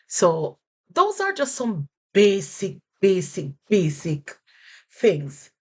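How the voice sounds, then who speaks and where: A woman's voice: on the low side, very animated, slow. A Jamaican woman teaching basic phrases in a casual spoken lesson, repeating and rephrasing things for learners. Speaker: language teacher.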